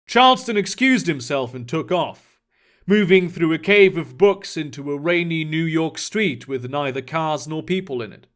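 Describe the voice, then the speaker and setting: A man narrating a fantasy story in a steady, descriptive storytelling manner. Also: fairly high pitch, normal speed. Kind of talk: audiobook storytelling.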